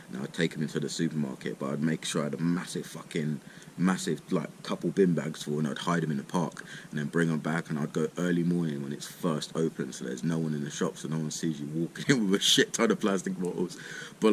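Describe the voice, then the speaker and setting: A man's voice: a bass voice, slight background noise. A young man telling a rambling, casual story full of swearing and "mate". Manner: rambling, swears a lot, says "mate" and "literally" often.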